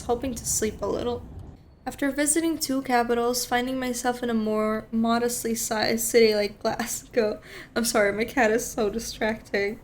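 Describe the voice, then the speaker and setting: A woman's voice: mid-range voice, slight background noise. A woman streamer reading a story game aloud, with chatty, rambling asides.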